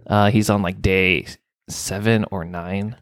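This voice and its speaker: A man who works as a nurse, telling a work story casually, animated and swearing often. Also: low voice, slow, clean tone, no echo, clean studio sound. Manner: animated, swearing, acts out dialogue.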